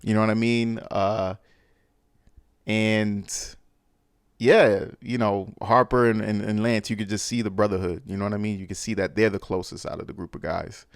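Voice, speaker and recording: A man's voice: fairly low pitch, level tone, normal speed, no echo, clean studio sound. A man hosting a podcast, recapping a film in a loose, slangy way with lots of fillers and restarts. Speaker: podcast host. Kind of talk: casual movie recap.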